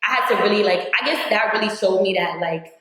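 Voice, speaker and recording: A woman's voice: medium pitch, a little fast, fairly bright tone. Chatty young woman in an echoey room. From New York. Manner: chatty, says "like" constantly, acts out her own past words. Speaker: vlogger. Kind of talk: casual life-update chat.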